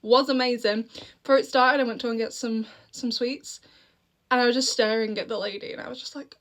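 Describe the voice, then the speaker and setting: A woman's voice: a little high, a little fast, a bit bright. A young woman chatting casually about a book she read, laughing often and wandering into asides. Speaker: book reviewer. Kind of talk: casual book review vlog.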